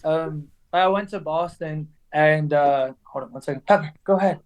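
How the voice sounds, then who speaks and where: A young man with an English accent worn down by years in the American South talks on a video call. His voice sits a little high, and his casual chat is full of "like" and "dude," broken up by easy laughs. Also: normal speed. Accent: English, softened after years in the American South. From England. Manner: chatty, laughs often, says "dude" and "like" a lot. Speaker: guest, racer.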